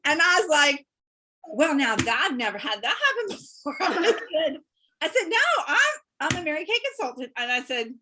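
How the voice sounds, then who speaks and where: A woman guest on a remote interview, telling lively stories about her work and laughing often as she talks. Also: high-pitched, moderate pace, noisy background. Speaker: guest, beauty consultant. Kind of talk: casual storytelling interview.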